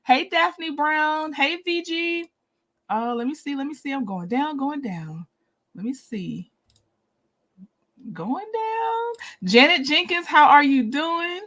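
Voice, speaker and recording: A woman's voice: sits high, animated, measured pace, fairly bright tone. A woman hosting a casual livestream, chatting and laughing often as she greets her viewers one by one by name. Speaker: livestream host.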